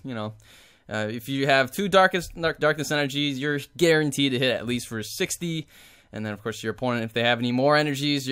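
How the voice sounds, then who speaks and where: A man's voice: medium pitch, a bit bright, clear, resonant tone. A man casually talking over his screen as a YouTuber, rambling with many fillers and plain enthusiasm. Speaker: YouTuber showcasing a card game deck. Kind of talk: casual gameplay commentary.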